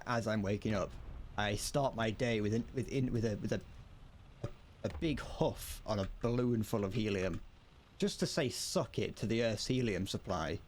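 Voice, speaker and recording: A man's voice: on the low side, a little hiss or hum. A man streaming a game, chatting casually, rambling and joking with viewers and swearing freely. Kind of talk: casual gameplay commentary.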